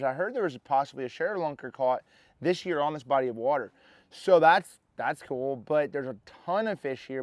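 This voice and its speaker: A man's voice: medium pitch, dry recording. A young man hosting a fishing vlog, talking casually to the camera in an easygoing, rambling way. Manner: easygoing, rambling, many fillers. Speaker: professional bass angler and vlog host.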